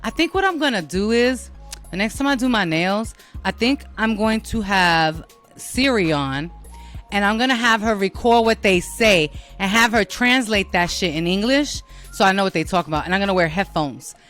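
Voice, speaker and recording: A woman's voice: medium pitch, lively intonation, normal speed, fairly bright tone, faint music behind. A woman with a New York accent hosting a show, talking in a casual, blunt, profane and rambling monologue. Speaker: host.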